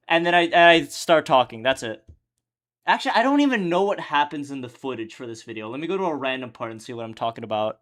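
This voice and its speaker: High, bright-voiced young streamer man. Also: lively intonation, fast talker. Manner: loose, profane, joking; answers chat questions while working. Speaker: streamer editing his own videos. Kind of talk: casual livestream chat.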